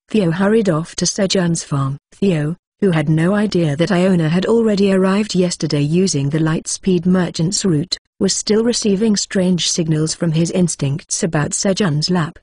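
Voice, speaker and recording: A woman narrating a web novel audiobook in an even, steady reading tone. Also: lowish voice, moderate pace, few pauses, husky, no echo, clean studio sound.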